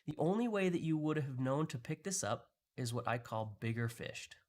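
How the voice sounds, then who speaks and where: A man hosts a live market analysis, walking through trading charts conversationally with pointing phrases and frequent restarts. His mid-range voice is animated and moves at a moderate pace.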